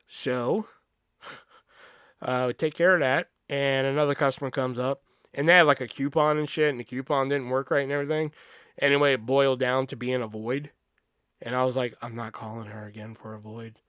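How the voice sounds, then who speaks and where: A man hosting a podcast, telling a story in a casual, animated, profane way and acting out the quoted voices. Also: medium pitch, moderate pace, clean tone, dry recording. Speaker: podcast host.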